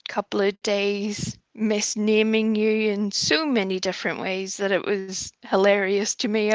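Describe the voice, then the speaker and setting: Giggly woman, slow chat. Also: medium pitch, fairly bright tone, dry recording. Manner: chatty, giggly, affectionate. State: a bit nervous. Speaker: livestream host. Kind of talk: casual chat greeting viewers.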